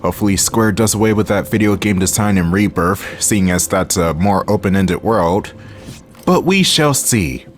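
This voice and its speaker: A man with a Philadelphia accent chats through a game in a casual, wry way, his low voice sitting over faint game music. He jokes to himself and curses now and then. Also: flat delivery, normal speed, hardly any pauses. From Philadelphia area. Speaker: let's-play host. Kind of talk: casual gameplay commentary.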